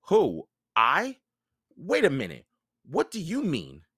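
A man's voice: on the high side, wildly swooping pitch, takes it slowly, a bit bright, slightly rough, no echo, clean studio sound, pitched above the performer's own voice, exaggerated voice. A man voicing a confused teenage boy who keeps firing off incredulous questions. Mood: bewildered.

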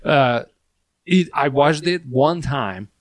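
A man's voice: a little high, animated, takes it slowly, no echo, studio quality. A man with a non-native English accent, co-hosting a casual comedy podcast, joking and mocking himself, laughing often.

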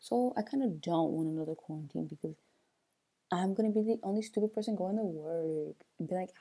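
A young woman chats on her own podcast in a loose, playful way, joking and taking asides. Her voice sits a little low, very dark and mellow, with a husky edge. She sounds sleepy, like it is early in the morning. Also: a little fast. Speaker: podcast host. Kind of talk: casual solo podcast chat.

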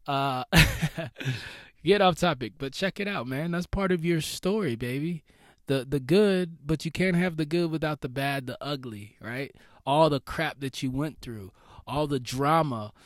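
A man's voice: a little high, no echo, clean studio sound. Slangy man hosting a motivational podcast. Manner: casual slangy, calls listeners baby. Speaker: podcast host.

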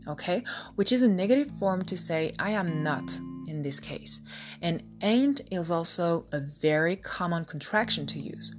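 Lively French woman teaching pronunciation. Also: fairly low pitch, music in the background. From France. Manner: upbeat, repeats example words slowly for the listener. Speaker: English language coach. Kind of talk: podcast pronunciation lesson.

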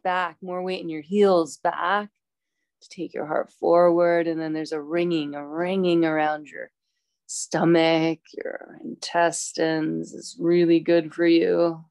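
A woman teaching a yoga class, calmly cueing poses and breaths with chatty asides. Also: fairly low pitch, takes it slowly, creaky, dry recording. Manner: calm, instructive, chatty asides.

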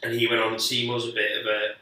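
A man's voice: mid-range voice, monotone, fast talker, sharp tone. Male comedian guest, rambling and sweary, recorded far off-mic in a very echoey room. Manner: rambling, sweary, frequent restarts. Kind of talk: casual storytelling chat.

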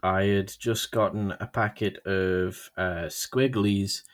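A man's voice: low voice, fairly even intonation. A young man with a Birmingham accent, co-hosting a podcast and telling a rambling story in casual chat. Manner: rambling storyteller, slows down for emphasis. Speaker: podcast co-host.

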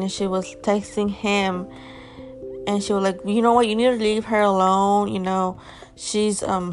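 Chatty young woman rambling through a story. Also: medium pitch. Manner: rambling, heavy use of "like", blunt swearing. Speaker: vlogger. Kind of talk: casual storytime chat to viewers.

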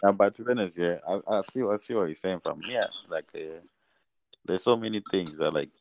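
Young man, low-pitched podcast co-host, halting filler-heavy delivery. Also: crowd noise. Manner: hesitant, filler-heavy, keeps saying fam. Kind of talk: casual chat.

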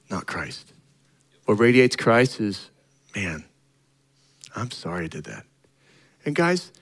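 A man's voice: a little high, rough recording. A middle-aged male pastor preaching a sermon in a conversational way, acting out little dialogues and rising to emphatic points.

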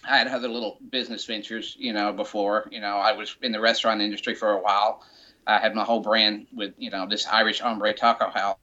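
Male guest, low-pitched, easygoing rambling anecdotes, muffled sound. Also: little pitch movement, brisk, sharp tone. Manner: rambling, many "you know" fillers. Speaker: guest, rock memorabilia shop owner. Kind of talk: casual storytelling.

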